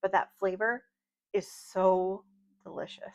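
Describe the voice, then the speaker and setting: A woman's voice: mid-range voice, level tone, unhurried. A woman giving a casual tarot reading at home at night, chatty and rambling, with light laughs and side stories. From United States. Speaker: tarot reader. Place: home at night, outdoor noise faint. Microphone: video call style home recording. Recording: slightly dull, lo-fi home recording.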